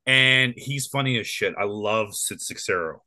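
Bright-voiced rambling podcast host. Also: male voice, on the low side, unhurried, dry recording. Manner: rambling, with many fillers and restarts. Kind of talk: casual podcast chat.

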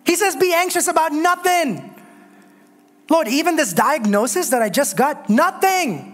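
A woman's voice: sits high, moderate pace. A woman preaching a sermon, repeating phrases for emphasis and calling on the congregation to answer her. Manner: exhorting, calls on the congregation to respond.

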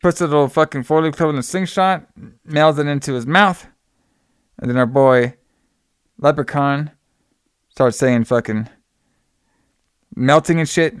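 A man's voice: on the high side, a little slow, pauses often, smooth, dry recording, studio quality. A man hosting a podcast, casually recapping a movie plot in a loose, profane, rambling way. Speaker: podcast host.

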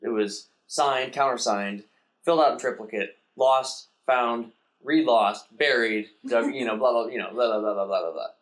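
A man in casual conversation, animatedly retelling a film's plot and briefly acting out the characters in quick put-on voices. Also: medium pitch. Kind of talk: casual chat.

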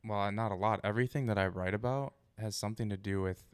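A man with a low, smooth voice talks candidly about his songwriting, relaxed and a little profane. The sound is dry and close to the mic. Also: quick pace, dry recording. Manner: candid, relaxed, occasional swearing. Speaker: musician guest. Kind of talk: casual interview.

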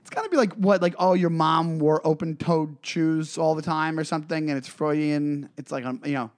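Cast a slightly higher-voiced man as a rambling podcast co-host, heavy on filler words. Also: fairly even intonation, moderate pace. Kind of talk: casual comedic chat.

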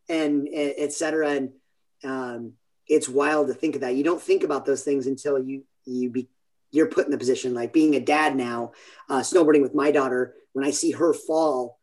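A man's voice: medium pitch, fairly even intonation, moderate pace, a little mellow. A man in his forties from California, telling stories in a rambling, self-interrupting way during a casual interview chat. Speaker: podcast guest.

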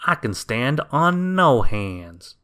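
A small magical being speaks calmly and modestly, as a man puts him on. He is matter-of-fact about doing the impossible and speaks a little louder than the narration. He talks at an unhurried storybook pace. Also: mid-range voice, clear, resonant tone, voice pushed up, full character voice. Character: small magical male being who can do anything.

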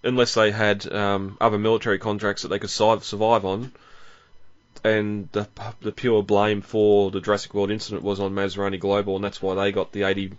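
Low-voiced man chatting, chuckling often. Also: monotone, a little fast. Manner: rambling, chuckles often, many fillers. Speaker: podcast host. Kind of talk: casual film commentary. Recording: dull lo-fi audio.

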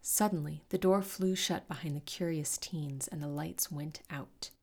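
A woman podcast host introducing and narrating a short fiction excerpt in a cheerful, expressive reading. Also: deep voice, a little slow, husky. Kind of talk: storybook narration.

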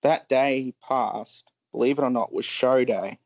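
A man telling an emotional personal story slowly, with many pauses and ums. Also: mid-range voice, darkish tone, dry recording. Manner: halting, frequent ums, pauses.

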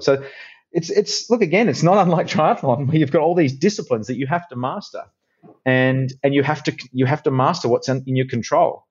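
A middle-aged man with an Australian accent, a guest in a casual interview, telling stories in a chatty, animated way with many restarts. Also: medium pitch, slightly rough, dull audio. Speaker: guest, actor and presenter.

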